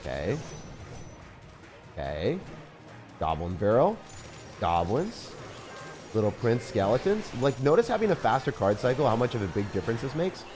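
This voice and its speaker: A man streaming a mobile strategy game live, commentating his matches in an excitable, chatty way and talking to his viewers. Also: mid-range voice, moderate pace, pauses often. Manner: animated, excitable, talks to chat. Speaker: gaming streamer. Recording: faint music behind.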